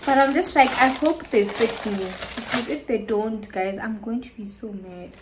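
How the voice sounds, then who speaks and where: A woman from South Africa filming a casual haul vlog at home, tired and short of breath, chatty and excitable, sometimes dropping to a whisper. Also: on the high side, normal speed, background noise. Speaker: vlogger.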